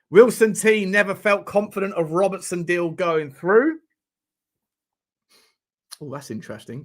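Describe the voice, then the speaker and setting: A man hosting a casual fan live stream, chatting to his viewers. His voice sits fairly high for a man. He rambles, jokes and riffs on the comments as they come in. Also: fairly bright tone. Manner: rambling, jokey, banters with chat. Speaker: fan channel host.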